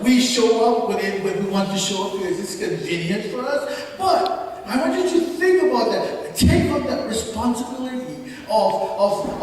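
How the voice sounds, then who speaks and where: A man's voice: extremely high pitch, a little hiss or hum. A man from Micronesia with a Micronesian accent, preaching a sermon earnestly, often repeating and restarting phrases. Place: church hall. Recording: echoey hall from far off.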